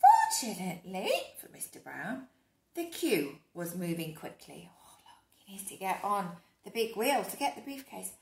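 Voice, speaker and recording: A woman reading a picture book aloud to children, animated, with hushed whispered asides to her young listeners. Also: mid-range voice, normal speed, vocal fry. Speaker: storyteller. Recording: echoey room.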